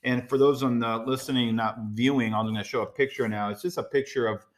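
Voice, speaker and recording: A middle-aged man from the United States hosts a casual solo podcast, speaking conversationally and directly with lots of fillers and asides. His mid-range voice has fairly even intonation and a fairly quick pace.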